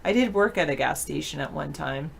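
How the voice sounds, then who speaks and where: A woman's voice: low voice, expressive, brisk, creaky, slight background noise. A woman co-hosting a live online show, chatting casually and answering viewer questions aloud. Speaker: show co-host reading chat. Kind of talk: casual live-stream chat.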